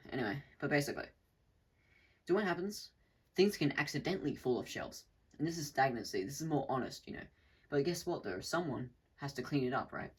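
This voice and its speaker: A man in mid-pitch with a husky, slightly rough voice, working through a loose spoken monologue. He rambles and restarts his sentences, swears casually, and briefly mimics the people he is describing. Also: low-quality recording. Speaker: channel host.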